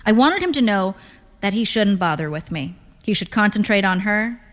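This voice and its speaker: A woman narrating first-person literary fiction in a dry, deadpan manner. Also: medium pitch, moderate pace. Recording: long reverb.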